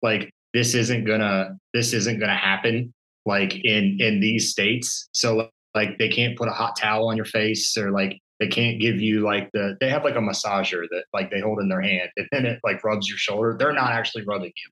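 Chatty man, bright voice, lots of "like". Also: on the low side, steady tone, normal speed, low-quality recording. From Maryland. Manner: rambling, heavy use of "like". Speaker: podcast co-host. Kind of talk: casual chat.

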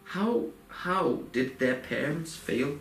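Here the young man's voice sits on the high side, expressive and fairly bright, and he takes his time. His personal story comes out rambling and sincere, packed with fillers and restarts, in casual podcast style, recorded in an echoey room with faint noise behind.

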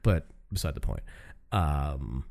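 A man's voice: very deep voice, animated, slow pace, a little mellow. A Canadian man co-hosting a podcast, chatting casually and rambling with frequent restarts and swearing. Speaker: podcast co-host. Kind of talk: casual chat.

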